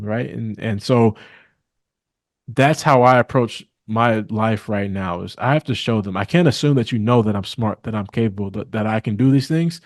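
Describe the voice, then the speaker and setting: A man's voice: mid-range voice, moderate pace, darkish tone, no room sound. Earnest man from Milwaukee, dry sound. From Milwaukee, Wisconsin. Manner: earnest, hesitant with many fillers and restarts. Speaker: guest, attorney. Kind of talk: casual interview talk.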